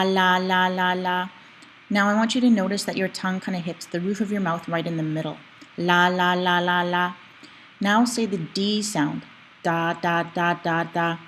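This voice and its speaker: A woman's voice: on the low side, a little hiss or hum, rough recording. A woman giving a recorded language lesson, explaining patiently and demonstrating sounds for learners to repeat. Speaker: language teacher. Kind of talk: recorded video lecture.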